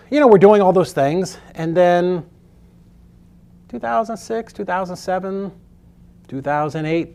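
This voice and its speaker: A man's voice: on the high side, darkish tone. A middle-aged man teaching a real estate course in a casual storytelling way, loose and chatty, with frequent swearing.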